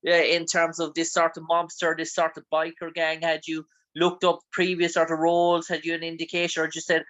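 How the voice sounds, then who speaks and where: A man's voice: a little high, monotone, brisk, a bit bright, muffled recording. A man from Ireland with an Irish accent, interviewing a guest with long, rambling, filler-heavy questions. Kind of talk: casual interview chat.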